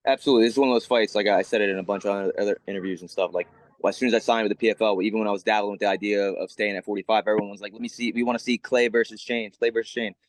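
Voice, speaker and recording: A man in his thirties, a fighter on a media call, talks quickly in a low voice. He repeats words as he gets fired up and swears often. The sound is dry and close. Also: no echo. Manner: excited, profane, repeats words. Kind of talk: casual press call talk.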